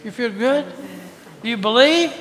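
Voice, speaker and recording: A man's voice: very high voice, expressive, unhurried, fairly bright tone, big-room sound. A male pastor giving a coaxing, call-and-response children's sermon in a church. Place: church sanctuary.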